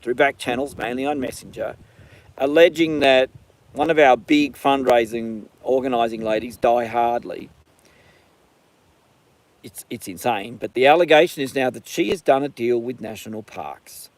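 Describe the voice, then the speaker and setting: A man's voice: mid-range voice, normal speed. A man with an Australian accent, live-streaming from a horse paddock on his phone, ranting and then chatting casually. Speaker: livestream host.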